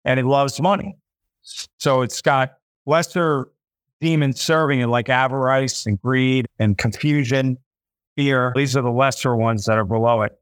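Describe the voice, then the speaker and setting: A man's voice: medium pitch, steady tone, measured pace, smooth, dry recording. A man hosting a podcast, giving an impassioned faith talk in a fervent, preachy way, repeating himself and voicing imagined listeners.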